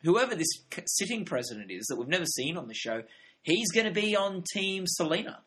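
A young man co-hosts a casual podcast about television. His voice is bright and forward, and he thinks out loud, tossing in plenty of "like" and "you know" as he goes. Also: high voice, big pitch swings, fairly quick. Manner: chatty, thinks aloud with fillers. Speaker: podcast co-host. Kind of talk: casual TV review chat.

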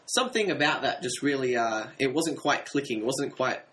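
A man's voice: medium pitch, expressive, a little fast, a bit bright, low-quality recording. A man co-hosting a film podcast, giving his opinions in a hesitant, thoughtful way with frequent fillers. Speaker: podcast co-host. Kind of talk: casual film review chat.

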